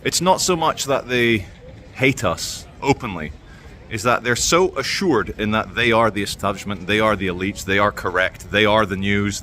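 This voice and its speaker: A man's voice: lowish voice, sharp tone, a little hiss or hum. An English man ranting sarcastically on an outdoor street vlog, heated and rambling. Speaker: vlogger. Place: outdoors at a broadcaster's building.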